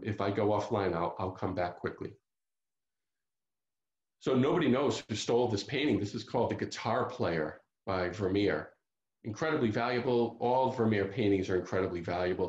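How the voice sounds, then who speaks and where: A man tells a true crime story at an author talk, pausing on fillers and restarting his sentences as he goes. His voice sits a little low. The sound comes through a video call, echoey and muffled. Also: a little mellow. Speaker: author giving a library talk. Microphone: computer mic on a video call.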